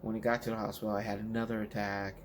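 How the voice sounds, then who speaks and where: A man from Washington State telling his personal story in a vlog, halting with many fillers and restarts, at home in his living room. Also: lowish voice, flat delivery, a little hiss or hum. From Washington State, United States. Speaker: vlogger.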